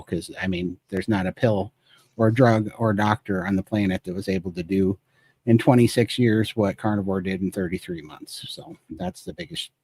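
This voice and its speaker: A man's voice: low voice, creaky, darkish tone, breathy edge. A man speaking casually on a remote call, giving earnest, rambling advice from his own story. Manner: earnest, rambling personal testimony. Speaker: guest speaker.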